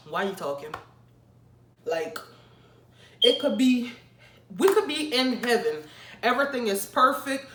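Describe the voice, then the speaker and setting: A young woman vlogger in a casual ranting commentary, blunt and teasing, with sudden loud outbursts. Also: medium pitch, slight background noise. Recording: roomy, mic at a distance.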